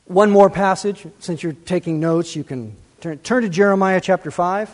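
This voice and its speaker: A man preaching a sermon, animated and full of rhetorical questions, swinging between loud and soft. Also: sits high, moderate pace. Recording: long reverb.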